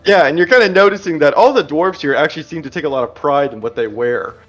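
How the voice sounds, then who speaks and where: A man's voice: on the high side, animated, fast talker, fairly bright tone, soft background music. Casual male game master. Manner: casual, chatty with filler words. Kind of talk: narrating a tabletop game. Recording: dull lo-fi recording.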